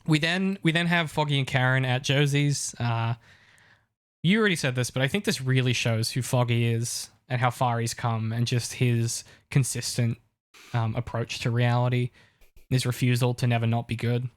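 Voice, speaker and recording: A man's voice: mid-range voice, steady tone, normal speed. A man co-hosting a podcast, breaking down TV dialogue in an eager, analytical chat. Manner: enthusiastic, lots of restarts. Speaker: podcast co-host.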